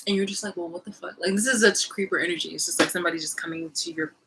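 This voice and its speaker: A young woman vlogging in a casual, animated rant, swearing freely and trailing off into fillers. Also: fairly low pitch, rapid-fire, gravelly, background noise. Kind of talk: casual ranting monologue.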